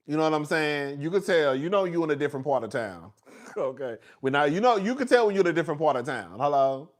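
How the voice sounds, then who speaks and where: Gossipy chatty man, higher voice. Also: expressive, quick pace. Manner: chatty, gossipy, calls everyone "girl", laughs often. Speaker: host. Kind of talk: casual chat with viewers.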